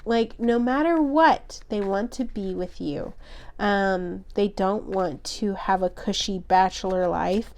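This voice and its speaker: A woman doing a tarot reading for her viewers, talking at an unhurried, drawn-out pace. She is gentle and emotional, wanders through her thoughts with plenty of fillers, and sounds a little worn, as if she is losing her voice. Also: medium pitch. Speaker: tarot reader. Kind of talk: pick-a-card tarot reading.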